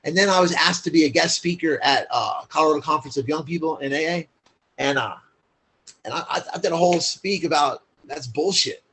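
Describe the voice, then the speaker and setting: Guest: man, husky and slightly high-pitched, candid and profane, chatty storytelling. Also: a little fast, a bit bright. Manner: blunt, profane, heavy filler use. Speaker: podcast guest.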